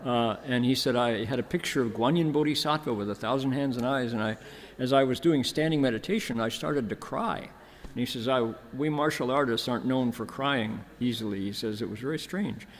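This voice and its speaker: An older man speaks as a monk giving a dharma talk, telling a story in an easy, anecdotal way and voicing the people in it. His voice sits at an ordinary middle pitch. It rings with the long reverb of a large temple hall. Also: a little fast. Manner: relaxed anecdotal storytelling with quoted dialogue. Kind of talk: storytelling lecture.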